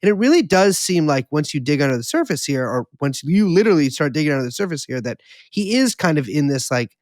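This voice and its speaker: Male podcast host, rambling thinker, higher pitch, dry close mic. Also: sing-song, fast talker, darkish tone, no room sound. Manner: rambling, thinking aloud with many restarts. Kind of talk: casual podcast conversation.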